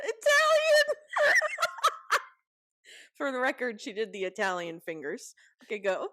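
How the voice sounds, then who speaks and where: A woman's voice: sits high, wildly swooping pitch, slow pace, sharp tone, dry recording. A woman co-hosting a podcast, laughing a lot and blurting guesses during a party game. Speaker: podcast co-host. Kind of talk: casual chat, party game.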